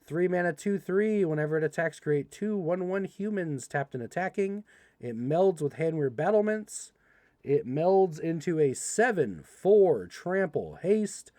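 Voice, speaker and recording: Animated man breaking card packs on stream. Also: fairly high pitch, no room sound. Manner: animated, reads card text quickly, playful asides to chat. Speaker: livestream host opening card packs. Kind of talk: casual livestream commentary.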